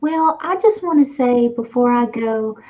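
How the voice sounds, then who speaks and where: A woman's voice: a little high, animated, unhurried, darkish tone. A woman with a Southern accent voicing a creepy, chatty talking fly swatter that rambles in a gossipy way. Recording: dull lo-fi sound.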